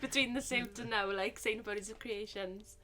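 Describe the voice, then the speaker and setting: A woman's voice: mid-range voice, fairly even intonation, moderate pace, crowd noise. A woman playing in a tabletop game, chatting casually and teasing with giggles. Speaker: player.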